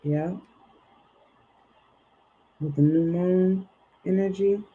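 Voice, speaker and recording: A woman's voice: fairly low pitch, steady tone, drawn-out words, slightly rough, phone-quality sound. A woman hosting a livestream tarot reading, talking in a rambling, hesitant way that trails off. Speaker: tarot reader.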